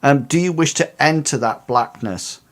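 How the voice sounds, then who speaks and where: Halting male game master. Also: a little high. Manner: halting, many fillers and restarts. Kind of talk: narrating a tabletop game.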